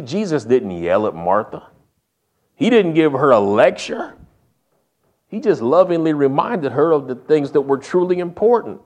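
A man's voice: mid-range voice, lively intonation, unhurried, long pauses, a little mellow. A man preaching a sermon, telling stories in a folksy, humorous way. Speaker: pastor.

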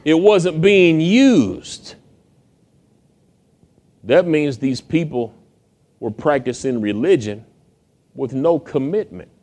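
A man preaching a sermon, retelling a Bible story in lively, conversational storytelling and acting out the characters' voices. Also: on the high side, slow pace, pauses often. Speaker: pastor.

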